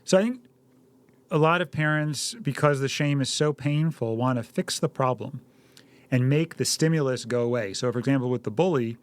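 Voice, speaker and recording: A man's voice: medium pitch, normal speed. A middle-aged man co-hosting a parenting talk, earnest and storytelling, acting out little dialogues. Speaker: podcast co-host, parent.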